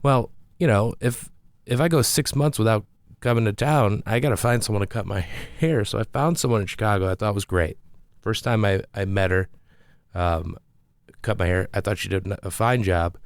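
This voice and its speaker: A man's voice: on the low side, moderate pace, no room sound, studio quality. A man, a comedian, telling a rambling, self-deprecating story in a casual monologue with frequent restarts.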